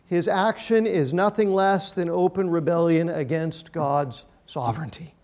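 A man with a high-pitched voice delivers a sermon from the pulpit. He preaches emphatically, his voice building to loud passages and then falling away to near quiet. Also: steady tone, a little slow. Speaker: pastor.

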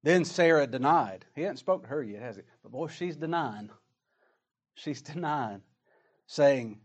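A man's voice: mid-range voice, animated, a little slow, breathy edge. A man preaching a sermon, reading scripture aloud and asking emphatic rhetorical questions.

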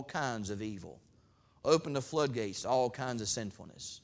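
A man pastor preaches with a voice of middle pitch. He climbs to loud, raised stretches and then drops into easy, chatty asides. He acts out dialogue in a homespun, folksy way. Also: lively intonation, normal speed, gravelly. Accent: regional accent of his own. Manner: preaching with big swings between shouted peaks and quiet asides; acts out God's words in a folksy voice. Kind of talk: sermon.

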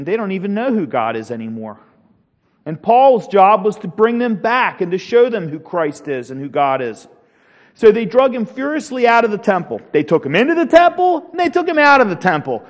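Man, high voice, earnest rambling Bible teacher, long hall reverb. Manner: earnest, rambling, asks the class questions. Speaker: Sunday school teacher.

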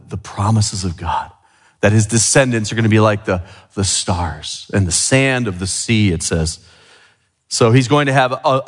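A pastor preaches a sermon in a church sanctuary, his fairly low voice trailing long hall reverb. His lively delivery swings from quiet to emphatic as he poses rhetorical questions to the congregation.

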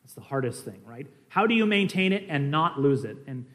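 A man teaching in an earnest, conversational sermon style, swinging between emphatic stresses and quiet asides, with fillers and restarts. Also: a little high, sing-song, brisk. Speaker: preacher.

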